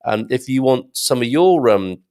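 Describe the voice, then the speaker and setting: A man's voice: mid-range voice, animated, unhurried, darkish tone. A man hosting a live show, chatting casually and rambling through viewer comments, with many ums and restarts. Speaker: host reading viewer comments. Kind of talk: casual live-stream chat.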